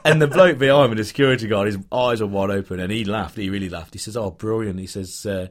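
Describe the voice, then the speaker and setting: A man's voice: on the low side, fairly even intonation, fast, hardly any pauses. Rambling English man telling a story. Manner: rambling anecdote with many fillers and restarts. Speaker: podcast co-host, football fan. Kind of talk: casual chat, storytelling.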